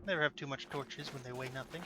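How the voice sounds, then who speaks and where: A man's voice: medium pitch, fairly even intonation, fast, heavy background noise. A man playing a game, commenting in a goofy, chatty way and talking back to the characters. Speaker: let's play gamer. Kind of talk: casual gameplay commentary.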